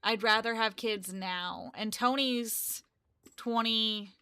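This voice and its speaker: Bright-voiced chatty young woman streamer. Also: fairly high pitch, takes it slowly, clear, resonant tone, dry recording. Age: 20s. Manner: rambling, chatty, self-correcting. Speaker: live streamer and game developer. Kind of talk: casual live-stream chat.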